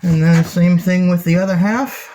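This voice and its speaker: A man's voice: sits high, steady tone, normal speed, dark tone, slight background noise. A man hosting a casual cooking demonstration, chatty and playful, with silly sound effects and jokey asides. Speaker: cooking show host.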